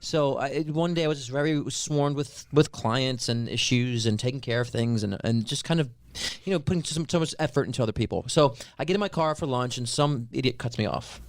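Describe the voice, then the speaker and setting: A quick-talking man with a New York accent who tells stories with energy and slips into voices. His voice sits in a middle register and sounds close and dry, with no room around it. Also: medium pitch, dry recording. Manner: animated storyteller, acts out voices. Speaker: life coach guest. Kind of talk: conversational podcast interview.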